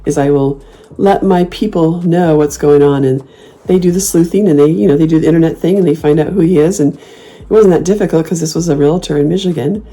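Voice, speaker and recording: A woman in her fifties with a low, mellow voice tells her stories in a loose, casual way. She is blunt and sassy, swears without a second thought, and slips into teasing, mocking voices when she repeats her comebacks. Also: fairly quick. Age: 50s. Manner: playful mocking put-on voices when quoting herself. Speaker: host. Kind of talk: casual talk to camera.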